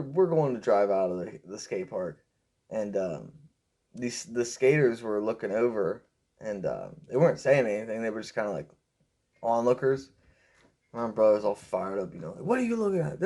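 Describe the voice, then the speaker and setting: A young man rambling through a personal story with lots of fillers, raising his pitch when he quotes people. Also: dark tone. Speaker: vlogger telling a story. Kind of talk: casual storytelling.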